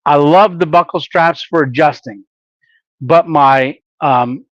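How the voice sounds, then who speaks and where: Male live-stream host with a slightly high voice, casual and rambling, full of filler sounds. Dry, muffled lo-fi sound. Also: takes it slowly, no echo.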